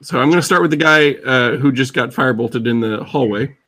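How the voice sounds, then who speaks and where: Male game master, casual, gravelly, laughs easily, video call. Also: medium pitch, pushed and bright. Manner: laid-back, quick to laugh. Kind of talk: narrating a tabletop game over video call. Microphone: video call mic.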